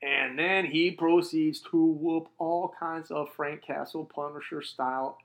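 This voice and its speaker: A man co-hosting a casual comic book podcast, animated, laughing often and acting out quotes. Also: a little high, unhurried. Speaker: podcast co-host.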